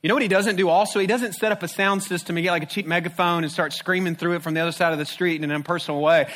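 Male pastor, sermon, fairly high voice, conversational, humorous, rhetorical questions. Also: steady tone, rapid-fire, few pauses, fairly bright tone.

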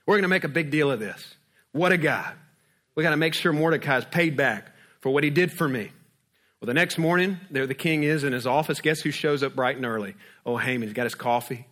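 A male pastor preaching a sermon, retelling a story lively and acting out its scenes. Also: on the high side, fairly quick.

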